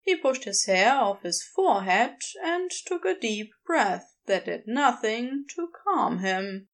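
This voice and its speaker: A woman narrating fan fiction aloud with expressive storytelling. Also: fairly high pitch, slow pace.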